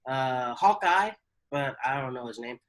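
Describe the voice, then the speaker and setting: A man's voice: medium pitch, lively intonation, unhurried, fairly bright tone, low-quality recording. A man co-hosting a casual film podcast, hesitant and trailing off with many "um"s. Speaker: podcast co-host.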